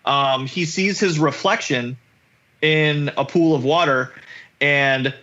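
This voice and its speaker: A man co-hosting a podcast, recapping an episode in casual chat, animated and swearing, acting out characters' lines. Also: on the high side, takes it slowly, muffled recording. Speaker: podcast co-host.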